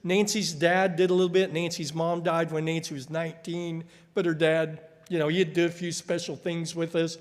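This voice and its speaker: A man's voice: a little high, level tone, normal speed, few pauses. A man preaching a sermon, telling stories and acting out the voices of people he quotes. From United States. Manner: storytelling, acts out quoted voices. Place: church hall. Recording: echoey church hall.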